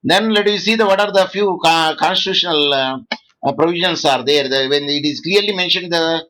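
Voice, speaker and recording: A man from India, giving a law lecture to students, halting often and quizzing the class. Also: a little high, pushed and bright, rough recording. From South India.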